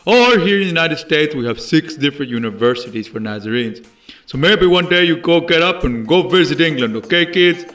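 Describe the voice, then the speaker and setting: A man's voice: fairly high pitch, lively intonation, a little fast, fairly bright tone, faint music behind. A man presenting to children in a chatty, enthusiastic way, talking straight to the kids watching. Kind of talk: casual explanation to kids.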